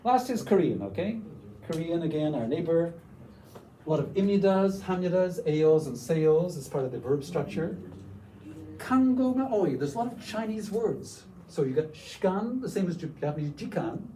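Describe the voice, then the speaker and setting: A man giving a lively teacher workshop, demonstrating foreign words and sounding them out for the room. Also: on the high side, moderate pace, recorded from a distance, a little hiss or hum, rough recording. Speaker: workshop presenter. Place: lecture room.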